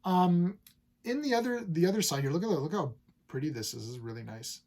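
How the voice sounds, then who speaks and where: A man's voice: fairly high pitch, expressive, brisk, darkish tone. A man casually talking through comic books he has read, upbeat and rambling, full of fillers and restarts. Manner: enthusiastic, paraphrases characters loosely. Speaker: comic book reviewer. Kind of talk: casual comic review chat.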